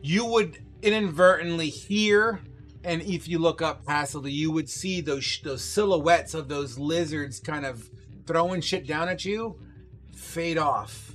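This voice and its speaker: Slow-talking dm guy, kinda laughy, describing the scene, bit higher voice. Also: a bit bright, faint music behind. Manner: loose, laughing asides while narrating. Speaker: game master. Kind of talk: narrating a tabletop game.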